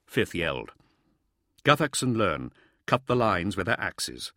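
Expressive man narrating a story. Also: low-pitched, a little slow, dry recording, clean studio sound. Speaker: audiobook narrator. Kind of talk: scripted narration.

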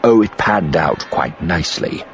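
A man voicing a smooth, menacing male crime boss who speaks quietly in clipped, hissing words. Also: low voice, lively intonation, unhurried, muffled recording. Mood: calculating.

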